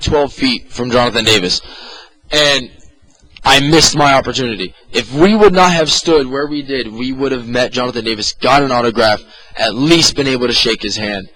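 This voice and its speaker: A man co-hosting a casual podcast, swearing freely as he retells a story with wild exaggeration. His voice is bright and forceful, and the sound has a radio-broadcast quality. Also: mid-range voice, no room sound, low-quality recording. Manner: profane, animated, exaggerated retelling. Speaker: podcast co-host.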